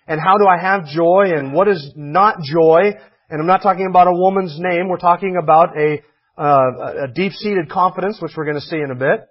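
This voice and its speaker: A man's voice: high voice, highs cut off. A man preaching a sermon as a pastor, in a conversational way with dry humor and emphatic repetition.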